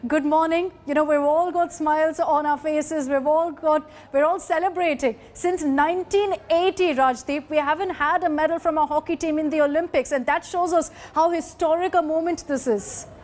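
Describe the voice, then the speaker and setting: A woman's voice: high voice, steady tone, moderate pace, hardly any pauses, darkish tone. A woman with an Indian English accent anchoring a live news interview, conversational and openly emotional.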